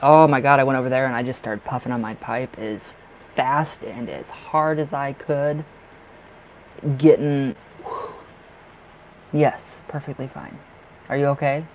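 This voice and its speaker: A man in the middle of a casual live tarot stream, chatting straight to his viewers and breaking into laughter often. His voice sits at an ordinary pitch. Faint noise hums under the recording. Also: rough recording.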